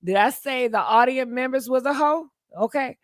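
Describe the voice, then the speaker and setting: Brash high-voiced woman streamer. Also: moderate pace, dry recording. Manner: brash, teasing, laughs often. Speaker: livestream host reading chat. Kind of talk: casual livestream chat.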